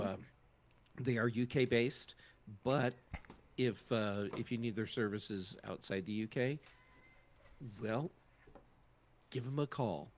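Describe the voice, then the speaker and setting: A man's voice: medium pitch, slight background noise. A man hosting a casual tech podcast, upbeat and loose with lots of fillers as he thanks the sponsor and wraps up. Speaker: podcast host.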